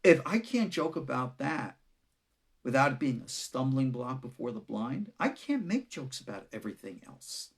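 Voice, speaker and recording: A man with a Long Island New York accent speaks in a mid-range voice at a moderate pace, his pitch swinging widely. He's a rabbi giving an unscripted, joking teaching full of dramatic turns, and he breaks into laughter along the way.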